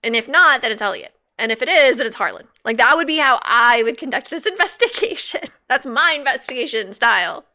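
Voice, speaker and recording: A woman's voice: on the high side, lively intonation, brisk, few pauses, sharp tone. A woman streaming a game live, chatting playfully, laughing and reading chat aloud. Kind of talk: casual live-stream commentary.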